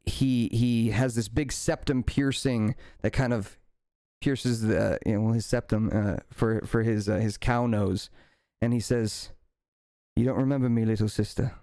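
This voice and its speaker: A man narrating a tabletop fantasy game as game master, halting with frequent fillers and restarts. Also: lowish voice, fairly even intonation, dark tone, dry recording, clean studio sound.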